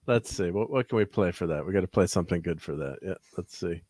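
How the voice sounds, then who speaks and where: A man's voice: deep voice, lively intonation, moderate pace, a little mellow. A middle-aged man hosting a casual livestream chat, laid-back and chuckling often. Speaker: host.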